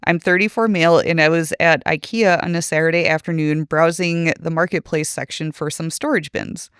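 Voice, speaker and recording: Smooth-voiced man reading a story. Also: fairly high pitch, normal speed, no echo, clean studio sound. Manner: steady storytelling read with quoted dialogue. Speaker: podcast co-host.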